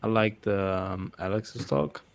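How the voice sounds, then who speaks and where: A man's voice: sits low, level tone, takes it slowly. A man in casual chat, hesitant with fillers and a dry sense of humor.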